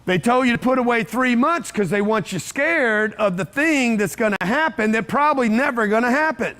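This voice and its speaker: A high-voiced man addresses a live audience in an event room, brash and punchy, hammering repeated phrases like a motivational seminar speaker. His delivery is expressive, at normal speed, with a slightly bright tone.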